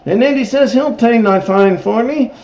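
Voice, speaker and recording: A man hosting a TV episode recap, telling it in character in an excitable, emphatic way. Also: extremely high pitch, moderate pace. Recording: roomy, dull lo-fi recording.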